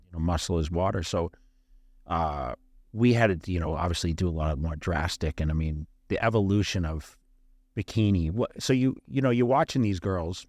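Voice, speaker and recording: A man with a low voice hosts a podcast and asks long, rambling questions in an animated way. His voice is recorded close and dry. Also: moderate pace, no echo. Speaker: podcast host. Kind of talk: casual interview chat. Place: studio, podcast.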